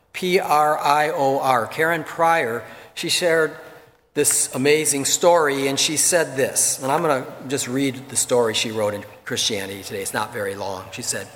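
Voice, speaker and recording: A man's voice: mid-range voice, fairly bright tone. A pastor giving a sermon in an earnest, conversational way, repeating words as he goes. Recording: long reverb from a large hall.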